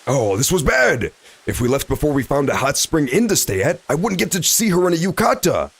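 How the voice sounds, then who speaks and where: A man's voice: a little high, sing-song, fairly quick, creaky, a bit bright, breathy edge. A man streaming a video game, joking and swearing while reading the story aloud. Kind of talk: casual game commentary.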